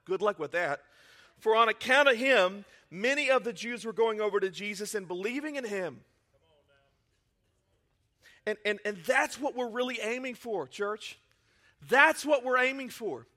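A man preaching a lively sermon as pastor, acting out Bible scenes in playful voices. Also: sits high, moderate pace, pauses often. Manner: energetic, acts out Bible scenes in character voices.

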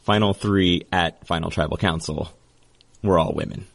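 Guy hosting a podcast, really low voice, jokey and chatty. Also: steady tone, gravelly. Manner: joking, chatty, quick asides. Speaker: podcast host. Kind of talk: casual podcast chat.

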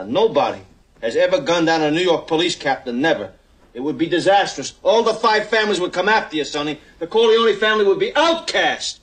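Man as a measured crime-family advisor, slightly higher voice, lively pitch. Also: close to an everyday voice. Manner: measured, persuasive. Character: calm, calculating male family advisor.

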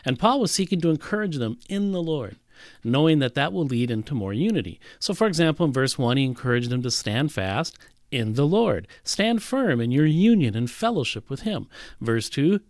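Male pastor, lively sermon voice, dry close recording, emphatic teaching. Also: fairly high pitch, normal speed, no room sound. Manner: animated Bible teaching with emphatic repetition.

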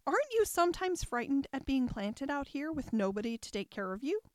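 A woman's voice: high voice, very animated, a little fast, no echo, pitched above the performer's own voice. A woman voicing a polite, earnest, curious young girl in a storybook reading.

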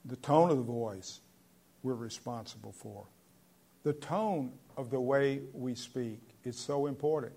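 A man preaching a sermon in an earnest, conversational way, with sudden loud stresses on key words. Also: medium pitch, measured pace, vocal fry. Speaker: pastor.

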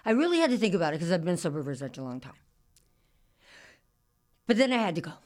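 An older woman telling a personal story in a halting, confessional way, with many restarts and repeats. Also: fairly low pitch, sing-song, a little mellow.

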